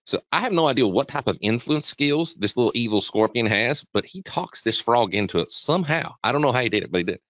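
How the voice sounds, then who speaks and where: A man hosting a live trading webinar, chatty and energetic, talking quickly with frequent restarts. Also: medium pitch, dry recording. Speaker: webinar host, trading educator. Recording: dull, dry lo-fi sound.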